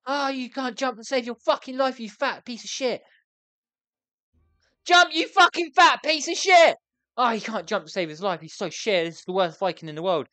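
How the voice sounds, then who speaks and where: A woman's voice: mid-range voice, steady tone, a little fast, few pauses, dry recording. A young woman giving frantic, exasperated let's play commentary with lots of swearing. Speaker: gaming YouTuber.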